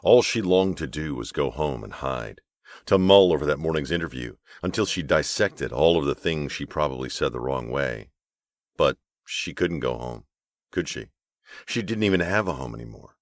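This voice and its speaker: A man narrating an audiobook novel with expressive storytelling. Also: rumbling low, no echo, clean studio sound. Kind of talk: scripted narration.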